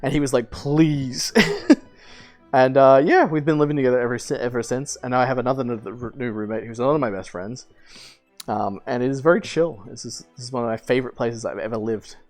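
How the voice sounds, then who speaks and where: A man's voice: medium pitch, fairly quick, darkish tone, soft background music. A young man in his twenties streaming, telling a long personal story in casual chat, rambling with fillers, restarts and casual swearing.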